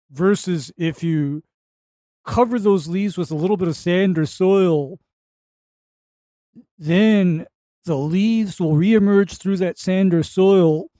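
Slow, mellow-voiced male co-host. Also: sits high, dry recording. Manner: laid-back, explains step by step with fillers. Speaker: co-host answering lawn care calls. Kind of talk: casual call-in show talk.

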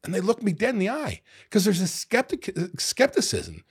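A middle-aged man hosting a solo podcast, retelling restaurant owners' complaints in an animated, exasperated way with mild swearing. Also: high voice, moderate pace, husky. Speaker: podcast host.

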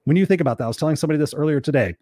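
A man's voice: on the high side, rapid-fire, dark tone, dry recording, clean studio sound. A middle-aged man hosting a motivational talk show, speaking emphatically and repeating his key points for viewers. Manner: emphatic, repetitive, acts out quoted voices.

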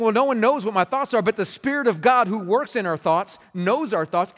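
A man preaching a sermon as pastor, earnest and conversational, often restarting his words. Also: high-pitched. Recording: reverberant hall.

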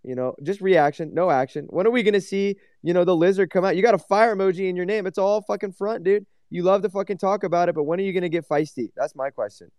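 Fast-talking man taunting, dry close sound. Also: high-pitched, darkish tone, dry recording. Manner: taunting, mocking, heavy swearing. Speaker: regular speaker in a live audio room. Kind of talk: profane taunting banter.

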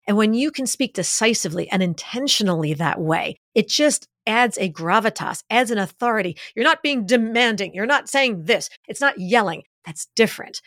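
A woman's voice: medium pitch, lively intonation, normal speed, hardly any pauses, fairly bright tone, no echo, clean studio sound. A woman being interviewed as an expert on leadership communication, explaining energetically and acting out little examples as she goes. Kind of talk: podcast interview.

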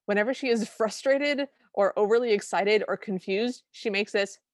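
A woman's voice: mid-range voice, moderate pace, no echo, clean studio sound. A woman co-hosting a podcast, recapping a film in casual chat and acting out quoted lines with enthusiasm. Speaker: podcast co-host.

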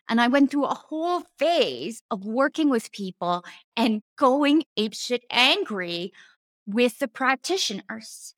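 A woman's voice: on the high side, a bit bright, no room sound. Earnest woman coach, dry close sound. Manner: earnest, emphatic repetitions, casual slang. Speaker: coach and former therapist. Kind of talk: casual teaching talk.

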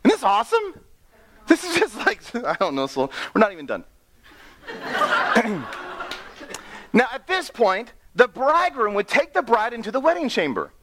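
Animated young male preacher, high voice. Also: a little slow, long pauses. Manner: animated, playful, laughs at own asides. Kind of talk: sermon.

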